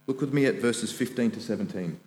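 A young man preaches a sermon in a church, his voice carrying a long, roomy reverb. He speaks in earnest, lifting high and loud when he voices the scripture he quotes. A low electrical hum sits faintly under the recording. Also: brisk. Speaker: student minister. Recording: echoey church hall with mains hum.

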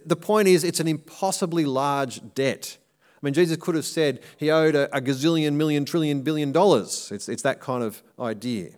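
A man delivers a church sermon in a voice of ordinary, middling pitch. He explains the passage patiently, piece by piece, then slows and softens to press each point home. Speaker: preacher.

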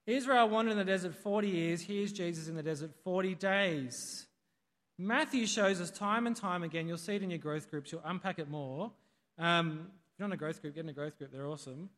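In a church hall with a big-room sound, a male pastor delivers a sermon in a high, fairly bright voice. He keeps it conversational, putting questions to the congregation.

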